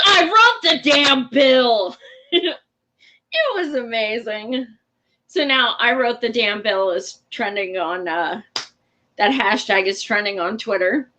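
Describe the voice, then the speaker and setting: A young adult woman hosting a casual political commentary show, blunt, profane and excitable. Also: medium pitch.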